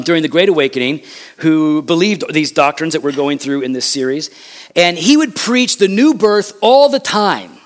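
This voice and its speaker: A man preaching a sermon, impassioned and conversational, with loud emphatic peaks and quick asides. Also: fairly high pitch. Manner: conversational asides and acted quotes. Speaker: pastor.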